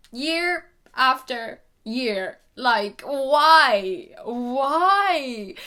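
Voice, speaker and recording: A woman's voice: sits high, sharp tone. A young woman, chatting to camera and telling stories in a gossipy way. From Ireland. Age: young adult. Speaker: YouTuber. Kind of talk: casual chat to camera.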